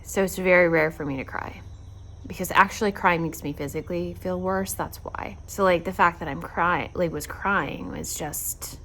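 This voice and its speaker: A woman in her thirties recording a casual video diary outdoors while in pain and tired from surgery, speaking in a reflective, halting way with many fillers and dipping into whispers. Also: fairly low pitch, fairly even intonation, a bit bright, a little hiss or hum. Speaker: vlogger recovering from surgery. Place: outdoors in a backyard at sunset.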